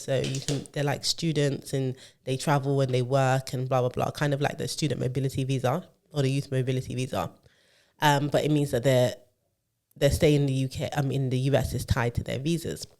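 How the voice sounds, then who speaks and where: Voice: medium pitch, a little mellow. A podcast co-host, telling a long story in casual chat, full of fillers and restarts.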